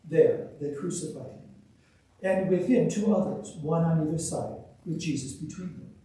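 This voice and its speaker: A man giving a measured, solemn liturgical scripture reading as the church's reader. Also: fairly high pitch, mellow. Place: church sanctuary. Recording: echoey church, distant mic.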